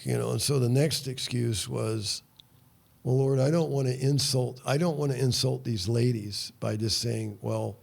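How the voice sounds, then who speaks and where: Gravelly older man telling a testimony. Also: mid-range voice, a little mellow. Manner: earnest, acts out his prayers as dialogue. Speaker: guest, ministry founder. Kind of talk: storytelling testimony in conversation.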